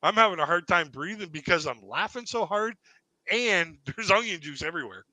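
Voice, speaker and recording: A man's voice: sits high, expressive, fairly quick, pushed and bright, no room sound, poor audio. A man hosting a live online comedy panel, telling a long rambling anecdote and laughing at his own story. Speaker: stand-up comedian host.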